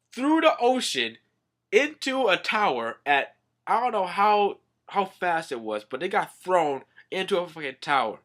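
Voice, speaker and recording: Brief: young guy, fast slangy comic recap, lively and bright. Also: on the high side. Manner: excitable, profane, slangy. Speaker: manga recap host.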